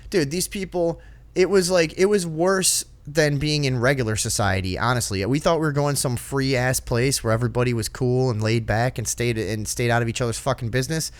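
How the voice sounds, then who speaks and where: Podcast co-host, man, mid-pitched voice, profane and animated storyteller, dry close sound. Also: a little fast, dry recording. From northern United States. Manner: profane, animated, mimics people he talks about. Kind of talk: casual storytelling chat.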